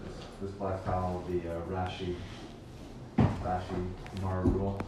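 Low flat man, off-mic in a noisy room. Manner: halting, trailing off.

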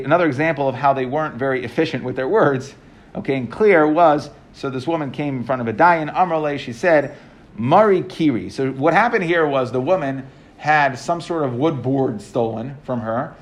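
Male teacher, mid-pitched, reads and explains in a relaxed, halting classroom style. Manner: reads Aramaic text aloud then explains in English, halting with restarts. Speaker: Talmud teacher.

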